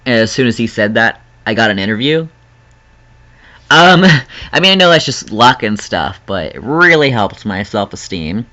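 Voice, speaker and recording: Bright-voiced young man, lo-fi vlog. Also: lowish voice, sing-song, moderate pace. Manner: rambling, emotional, laughs often, earnest. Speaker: vlogger. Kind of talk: casual personal vlog.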